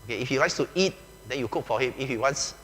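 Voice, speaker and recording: A man with a Malaysian English accent preaches in a loose, joking, conversational way, peppering his talk with "okay" and "lah". His tone is bright and forceful. The sound carries a long echo from a large church hall, with a faint hum underneath. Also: medium pitch, expressive, fast talker. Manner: chatty and joking, often says "okay", uses "lah" and "ah". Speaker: pastor. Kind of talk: conversational sermon.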